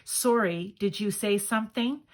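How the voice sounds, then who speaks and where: A woman voicing a calm panda who takes offense at being called fat, in a playful, mock-offended manner. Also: medium pitch, unhurried, close to an everyday voice. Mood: mock-indignant.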